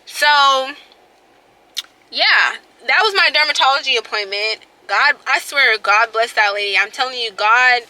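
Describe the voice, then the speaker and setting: A woman with a high voice and a very bright, sharp tone tells a story to her vlog camera. She is emphatic and animated, acts out what other people said, and repeats lines to drive them home. Her talk is casual and chatty. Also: unhurried, low-quality recording. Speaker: vlogger.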